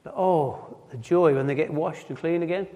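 A man with a Nottinghamshire accent giving an informal sermon in church, halting and often repeating words as he restarts. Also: a little high, warm tone. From Nottinghamshire, England. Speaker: preacher. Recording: long hall reverb.

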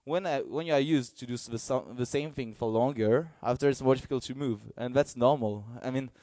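Male preacher, earnest and halting, dry close sound. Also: mid-range voice, dry recording. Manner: halting, searching for words, earnest; gets excited and loud in bursts. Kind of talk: sermon.

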